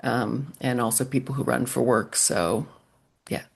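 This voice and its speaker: A middle-aged woman, a running coach, answering interview questions in a measured, thoughtful way. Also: rumbling low, fairly even intonation, vocal fry, husky.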